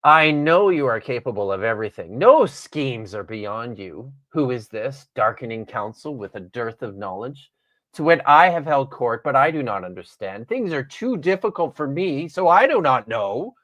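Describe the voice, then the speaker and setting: A man voicing Job, a worn-down suffering old man, in a measured, solemn scripture reading. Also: medium pitch, lively intonation, a bit bright. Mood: sardonic.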